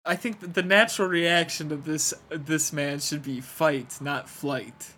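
A man chatting on a livestream who gets excited and keeps restarting his sentences. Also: a little high, measured pace. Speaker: streamer. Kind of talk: casual livestream chat.

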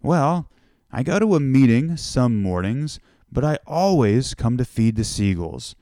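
A man's voice: mid-range voice, big pitch swings, unhurried, mellow, no room sound, clean studio sound. A man voicing a cheerful, joking Australian man in his forties who keeps saying "mate," in a put-on Australian accent. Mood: friendly joking. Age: 40s. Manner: teasing, repeats "mate".

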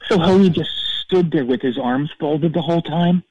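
An actor playing a petty, self-righteous middle-aged rock-fan caller who rambles and stammers through a comedic call-in story. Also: male voice, on the high side, moderate pace, warm tone, breathy edge, no room sound, dull audio. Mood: storytelling.

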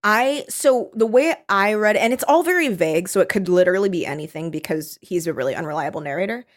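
A woman's voice: mid-range voice, animated, quick pace. Chatty woman rambling about a book. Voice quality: loose and rambling, with many "like"s. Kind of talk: casual chat about a book.

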